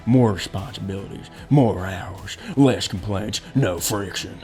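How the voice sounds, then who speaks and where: A man's voice: fairly low pitch, unhurried, a little mellow, soft background music, natural voice. A man voicing a stern businessman in a put-on Southern accent, lecturing in a preachy, commanding way. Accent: attempted American Southern.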